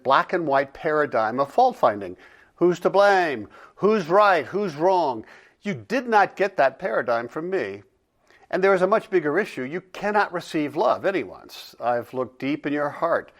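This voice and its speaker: Man reading a solemn, measured divine judge. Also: fairly high pitch. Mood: stern. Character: calm, direct divine judge. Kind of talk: dramatic reading of a dialogue.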